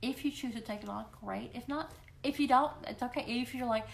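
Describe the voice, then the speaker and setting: Speaking into a computer mic for her weekly live question-and-answer stream, this woman is playful and encouraging, talking casually to viewers and often performing quoted voices. Her voice is a little high and brisk, with vocal fry and slight background noise.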